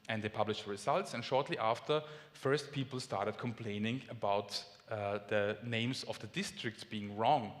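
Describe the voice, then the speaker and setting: A man from Austria with an Austrian German accent, explaining lively at a conference talk, German his first language. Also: mid-range voice. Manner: lively, friendly explaining with small restarts. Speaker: conference speaker. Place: large conference hall. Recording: long hall reverb.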